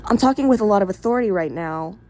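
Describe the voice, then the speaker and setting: A woman's voice: medium pitch, lively intonation, fast, a little mellow. A woman talking straight to camera in a casual opinion monologue, blunt and candid, swearing freely and rambling through asides. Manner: rambling with many fillers and asides. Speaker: vlogger.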